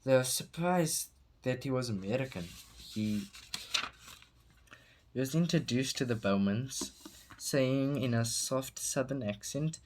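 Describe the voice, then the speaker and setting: A man's voice: medium pitch, a little slow, long pauses, darkish tone, a little hiss or hum. A man reading a novel aloud at home, often stumbling and correcting himself mid-sentence. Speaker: reader. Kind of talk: amateur novel read-aloud.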